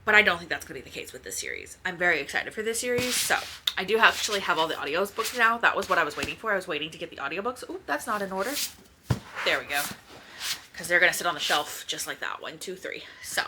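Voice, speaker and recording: A woman's voice: lowish voice, big pitch swings, fast talker, background noise. A woman, chatting casually and rambling at home by her bookshelves, speaking toward a camera and swearing now and then. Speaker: book vlogger. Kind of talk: casual chat. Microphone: camera in front.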